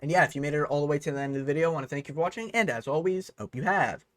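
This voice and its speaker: A man hosts a casual fight breakdown vlog, ranting in a heated, profane way. His voice sits a little high for a man. The sound is dry and close. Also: rapid-fire, fairly bright tone, dry recording. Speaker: host.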